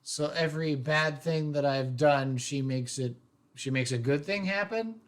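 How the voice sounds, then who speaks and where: A man's voice: a little high, unhurried, close to an everyday voice. A man voicing a shy young male student who stammers nervously. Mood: flustered.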